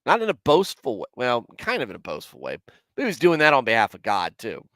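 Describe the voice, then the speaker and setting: A man's voice: medium pitch, wildly swooping pitch, quick pace, a bit bright, no room sound, studio quality. A man in his forties hosting a casual Bible commentary livestream, self-deprecating and candid as he answers his chat. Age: 40s. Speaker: host of a Bible commentary show.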